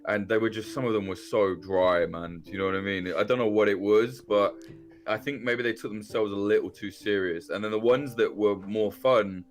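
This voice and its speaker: A man's voice: lowish voice, fairly even intonation, normal speed, soft background music. A man guesting on a stream as a war journalist, laid-back and casual, swearing and saying "man" a lot. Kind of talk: casual chat.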